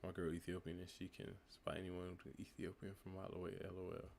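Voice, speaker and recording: A man's voice: low-pitched, quick pace, vocal fry, slight background noise. A nineteen-year-old man from the United States, chatting casually on a livestream and answering viewers' comments as he reads them. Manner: relaxed, reading chat comments aloud and answering them. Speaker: livestream host. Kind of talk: casual live-stream chat answering comments.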